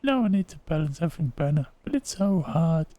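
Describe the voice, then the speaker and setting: A man's voice: a little high, sing-song, fast talker, warm tone, pitched above the performer's own voice. A man doing a frazzled, overwhelmed customer. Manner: fretful, pleading. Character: overwhelmed stressed-out customer begging for help.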